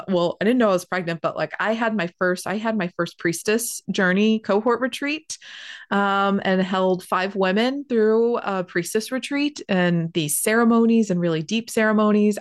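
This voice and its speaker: Chatty young woman with a low voice. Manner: animated, chatty, heavy use of "like". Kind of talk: casual personal storytelling.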